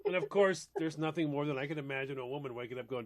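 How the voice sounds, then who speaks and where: A man's voice: on the high side, fast, slight background noise. A man co-hosting a casual chat show, telling funny personal stories and laughing through them. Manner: laughs through his stories, animated delivery.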